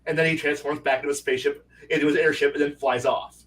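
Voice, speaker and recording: A man with a slightly higher voice tells a tabletop game story in loose, animated chat, full of fillers and restarts. He sits a little back from the mic on a home livestream. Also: fast talker, distant mic. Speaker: game master and podcast co-host.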